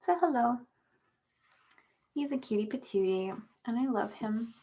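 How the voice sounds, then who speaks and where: A woman's voice: on the high side, measured pace, mellow. A young woman hosting a casual livestream chat, talking to her viewers and cooing at her cat. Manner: chatty, talks baby talk to her cat. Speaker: livestream host.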